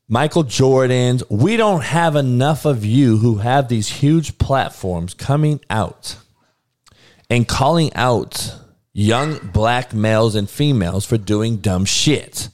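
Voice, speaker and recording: A man's voice: medium pitch, a little mellow. A man hosting a show, delivering an irritated, profane, blunt ranting monologue. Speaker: show host.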